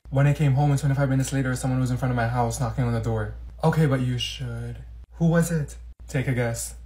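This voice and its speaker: A man with a voice pitched a little higher than most men's, acting out short comedy skits. He jumps between several schoolgirl characters, mostly chatty and gossipy, then bursts into sassy, shouted comebacks. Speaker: comedy sketch creator.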